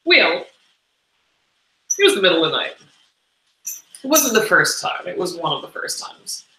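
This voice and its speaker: A woman's voice: lowish voice, very animated, normal speed, pushed and bright, reverberant, poor audio. A woman co-hosting a casual livestream chat, talking in an easy, unsure way. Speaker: co-host.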